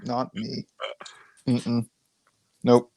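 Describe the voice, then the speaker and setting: A man's voice: mid-range voice, completely flat delivery, extremely slow, warm tone, no room sound. A man with a mid-range voice co-hosts a laid-back live chat, teasing the others and defending himself in jest. His voice comes in dry and close over a phone connection. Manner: joking, playfully defensive. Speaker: co-host. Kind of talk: casual live-stream chat. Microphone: phone on mobile data.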